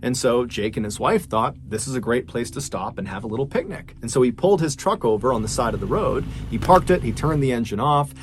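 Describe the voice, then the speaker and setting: A man's voice: medium pitch, a little hiss or hum. Guy telling a creepy true mystery, voice jumps all over, builds suspense. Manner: animated, suspenseful storytelling that acts out quoted dialogue. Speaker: storyteller.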